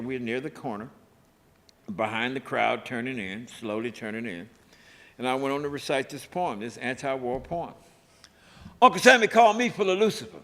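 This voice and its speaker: An older man telling a story from his past, lively and chuckling, acting out shouts and voices. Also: medium pitch. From United States. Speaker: activist recounting history. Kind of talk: animated storytelling talk. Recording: echoey hall.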